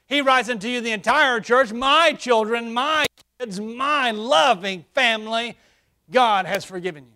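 A man delivers a sermon from the pulpit. His voice sits high and rings bright. He drops to quiet asides, then rises into loud, emphatic calls to the congregation. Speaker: pastor. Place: church sanctuary.

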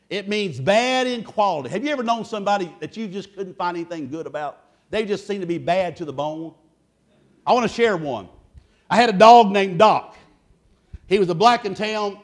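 Pastor guy, high voice, loud boisterous preaching, folksy stories. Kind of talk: sermon.

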